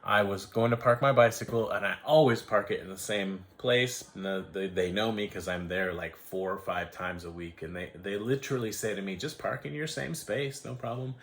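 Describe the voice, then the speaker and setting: Here the same kind of casual vlog features an American man in his forties, whose low, fairly bright voice moves briskly with few pauses. He rambles through a story, cutting himself off and performing the voices of the people he quotes.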